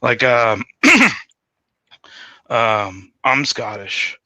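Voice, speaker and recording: A man's voice: fairly low pitch, steady tone, very slow, pushed and bright, no echo, muffled recording. A man chatting casually as a guest, laid-back and hesitant, laughing a lot. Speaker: podcast guest. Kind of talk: casual chat.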